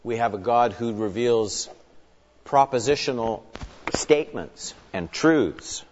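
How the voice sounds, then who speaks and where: A man's voice: mid-range voice, slow pace, a little mellow, a little hiss or hum. Man, Bible teacher; earnest and emphatic with dry asides; long hall echo, muffled lo-fi recording. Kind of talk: teaching lecture opened with prayer. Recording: long hall reverb, dull lo-fi sound.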